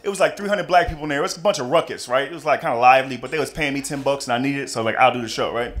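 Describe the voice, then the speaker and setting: A man from Texas doing a stand-up comedy set, telling stories animatedly and acting out loud voices. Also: mid-range voice, rapid-fire. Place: comedy club stage with live audience.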